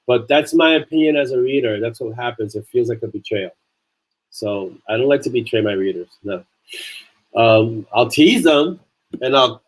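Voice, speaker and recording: Male author-host, casual chat, earnest and emphatic, average pitch. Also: poor audio. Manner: earnest, repeats phrases for emphasis. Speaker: author hosting a livestream chat.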